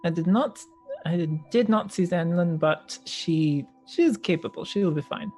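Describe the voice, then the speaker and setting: A woman voicing a calm male companion in a tabletop game, halting and reassuring. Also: fairly low pitch, faint music behind, natural voice.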